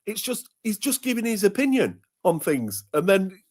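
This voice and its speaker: A man's voice: high voice, very animated, moderate pace. A man, ranting animatedly in a casual livestream chat, swearing often and repeating himself. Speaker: guest commentator. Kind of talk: heated casual rant on a livestream.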